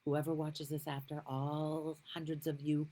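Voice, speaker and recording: A middle-aged woman giving casual spiritual talk to her viewers, gushing and laughing often, sometimes dropping to a soft whisper. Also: deep voice, little pitch movement, a little slow, rough recording. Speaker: spiritual vlogger.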